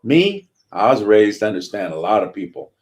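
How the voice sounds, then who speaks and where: Deep-voiced older storytelling man. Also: a little fast. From California. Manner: animated storyteller, acts out quotes. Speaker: guest, veteran. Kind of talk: storytelling interview.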